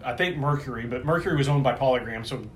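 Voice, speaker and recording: A man's voice: medium pitch, fast talker, a little hiss or hum. A man in his forties in casual chat, rambling and correcting himself as he goes, swearing freely.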